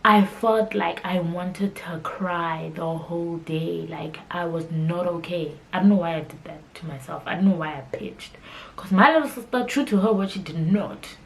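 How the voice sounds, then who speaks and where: A woman's voice: lowish voice, moderate pace, creaky, low-quality recording. A young woman hosting her podcast, telling a personal story in a candid, conversational way. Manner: candid and conversational, emotional at times. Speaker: podcast host.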